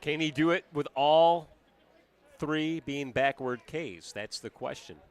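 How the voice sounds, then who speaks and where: A man giving baseball color commentary on radio, measured and full of stats. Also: fairly high pitch. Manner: measured, stat-heavy analysis.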